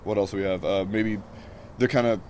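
A man's voice: on the low side, fairly even intonation, normal speed, a little mellow, slight background noise. A man stopped on the street for an interview, answering in a laid-back, casual way and swearing freely. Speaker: passerby. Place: outdoors on a street.

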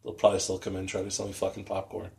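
A man's voice: sits low, completely flat delivery, very fast, gravelly, a little mellow. Profane, exasperated podcast co-host man. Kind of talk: casual comedic rant.

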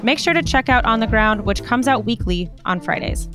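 A woman co-host reading show announcements and introducing the panel in a measured, announcer-like way. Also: fairly high pitch, expressive, a bit bright. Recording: music playing behind the voice. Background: music.

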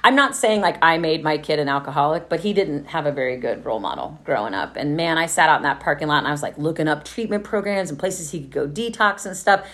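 A woman's voice: low voice, animated, fast, hardly any pauses, fairly bright tone. A woman, telling a candid, profane story of her own recovery to a group. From Texas. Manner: candid, profane, laughing often, acting out the quoted voices. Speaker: speaker sharing a recovery story.

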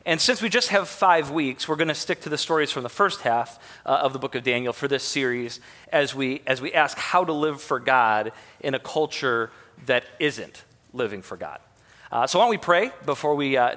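Bright-voiced Michigan pastor in a big hall. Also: male voice, medium pitch. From Michigan, USA. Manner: folksy and self-mocking, with many uh fillers and restarts. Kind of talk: sermon. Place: church sanctuary. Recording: long hall reverb.

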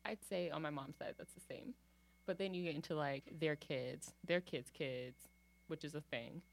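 A young woman with a low voice chats casually on a podcast. She tells stories with playful drama and calls her friend "girl". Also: normal speed, gravelly.

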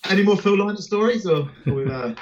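A male host leading a casual chat, upbeat and quick to laugh. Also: sits high, animated. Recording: dull lo-fi recording.

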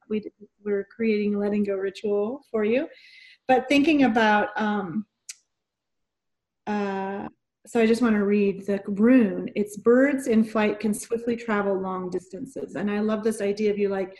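An enthusiastic woman hosting a podcast, talking in a gushing, affirming way. Her voice sits at a middle pitch, and she chats casually with her guest. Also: a little mellow. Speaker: podcast host. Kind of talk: casual chat.

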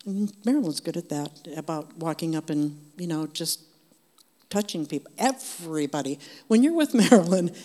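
A woman's voice: mid-range voice, a little mellow. An older woman sharing a personal faith testimony in a church group, telling her story in an earnest, conversational way. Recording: long hall reverb.

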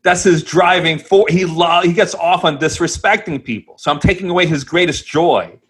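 A man's voice: fairly high pitch, moderate pace, breathy edge. A man co-hosting a casual podcast, telling a rambling, self-mocking story and chuckling as he goes. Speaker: podcast co-host.

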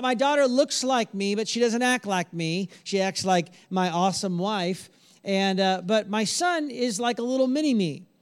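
High-voiced, animated male pastor. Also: clear, resonant tone. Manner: animated, joking, with sudden soft earnest passages. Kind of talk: sermon.

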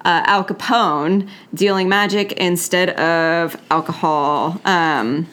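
A woman's voice: lowish voice, steady tone, takes it slowly, fairly bright tone, smooth. A young woman co-hosting a comics podcast in casual chat, loose and joking with frequent laughs.

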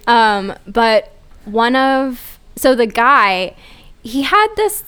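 A woman's voice: fairly high pitch, sing-song, extremely slow, a bit bright, smooth. Chatty woman, rambling storyteller. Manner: rambling storytelling, heavy use of "like". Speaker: podcast co-host. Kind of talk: casual chat.

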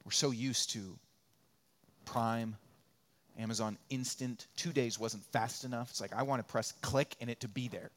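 A man preaching a sermon as pastor, repeating phrases for rhythm and dropping from loud peaks to quiet asides. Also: mid-range voice, fairly even intonation, moderate pace. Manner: conversational and joking, acts out little quoted voices.

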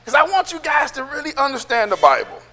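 Male pastor preaching, loud and nearly yelling, with a bright and very high voice. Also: sing-song, quick pace, long reverb tail. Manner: loud, emphatic, sounds like yelling; calls for amens from the congregation. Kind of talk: sermon.

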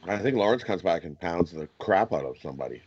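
A man with a very deep voice talks fast in a casual sports chat. His picks come out quick and confident, and the recording sounds dull and muffled. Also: animated, darkish tone, breathy edge.

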